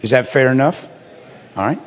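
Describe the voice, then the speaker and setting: A male pastor preaching to his church in a folksy, repetitive way that swells into loud bursts. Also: mid-range voice, animated, moderate pace, in a large hall. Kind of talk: sermon with altar call. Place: church sanctuary.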